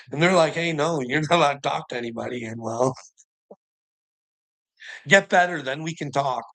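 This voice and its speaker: A man's voice: high-pitched, fairly bright tone. A man talking straight to camera in a rambling monologue, swearing constantly, agitated and often breaking into laughter. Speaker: vlogger.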